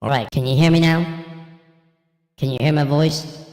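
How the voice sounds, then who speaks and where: A man's voice: a little high, fairly even intonation, moderate pace, a little mellow, voice pushed up. A man using an electronic voice changer to sound like a small child, whining and pleading for mommy. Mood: playful. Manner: whiny, pleading. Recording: echoey, long reverb.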